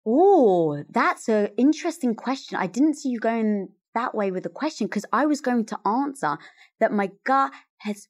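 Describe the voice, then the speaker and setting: A guest author, a woman with a slightly high voice at normal speed, tells stories animatedly during an interview conversation, acting out the lines she quotes.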